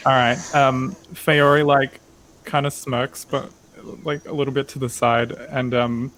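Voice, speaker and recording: A man's voice: mid-range voice, a bit bright. A man describing his character's actions in a tabletop game, rambling with lots of fillers. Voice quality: rambling, filler-heavy, laughing. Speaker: player.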